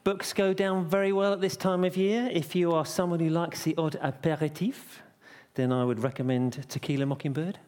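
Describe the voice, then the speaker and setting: A man's voice: a little high, fairly even intonation, moderate pace, a little mellow. A man preaching a carol service message in a church, conversational and playful, telling puns. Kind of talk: sermon with jokes. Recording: long church reverb.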